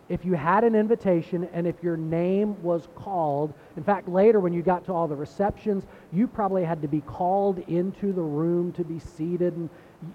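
A man's voice: high-pitched, phone-quality sound. A man giving a sermon as pastor, in a conversational preaching style that repeats words and builds emphasis.

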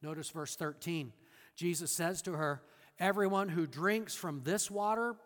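A man with a high, light voice preaches a sermon, animated and expressive. He plays out the people in the passage, then settles into quiet earnestness. His words ring out with the long reverb of a church hall. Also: a little slow. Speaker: pastor.

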